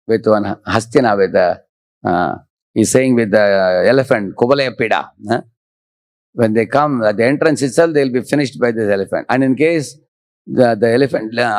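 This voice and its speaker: A man's voice: mid-range voice, dry recording. A man giving a devotional scripture lecture, chanting Sanskrit verses and explaining them line by line. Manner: explains verse by verse, often repeating "he's saying".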